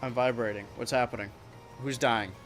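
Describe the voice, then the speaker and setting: A man streaming a kart racing game, rambling and joking to his chat with sudden excited yelps. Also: medium pitch, moderate pace, faint music behind. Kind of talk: live-streamed gameplay commentary.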